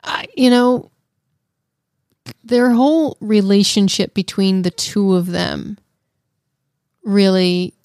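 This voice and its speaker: A woman's voice: medium pitch, steady tone, takes it slowly, long pauses, darkish tone, no echo, clean studio sound. A woman co-hosting a casual film review podcast, thoughtful and teasing, often restarting her sentences. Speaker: podcast co-host.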